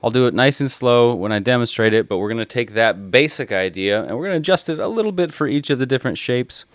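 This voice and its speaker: A man's voice: medium pitch, animated, fast talker, no echo, studio quality. A man teaching a guitar lesson, patiently explaining and counting rhythms aloud as he plays. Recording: loud guitar playing behind the voice.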